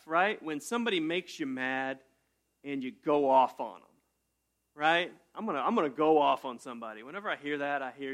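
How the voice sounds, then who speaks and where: Joking pastor preaching a casual sermon. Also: male voice, mid-range voice. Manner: casual and joking, with sudden loud bursts. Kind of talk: conversational sermon.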